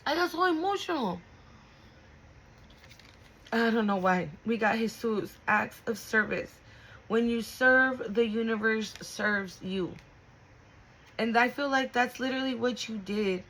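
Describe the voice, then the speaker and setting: Slow, emotional woman reading tarot. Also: on the high side, a bit bright, poor audio. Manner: emotional, on the verge of tears. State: breathing hard. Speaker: tarot reader. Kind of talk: intuitive tarot reading to viewers.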